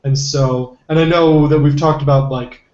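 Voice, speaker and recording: A man's voice: fairly high pitch, steady tone, normal speed, a little mellow. A man co-hosting a podcast who works through his points carefully, hedging with lots of ums and uhs. His voice sits in a roomy echo. The recording sounds dull and lo-fi. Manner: thoughtful, hedging with many fillers. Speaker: podcast co-host. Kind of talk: casual analytical discussion.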